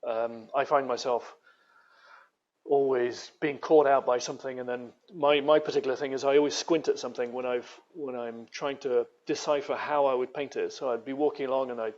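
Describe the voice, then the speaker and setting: A man's voice: medium pitch, fairly even intonation, moderate pace, a little mellow, highs cut off. A man with a British accent, a guest artist telling stories in a rambling, casual interview style with many restarts. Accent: British English.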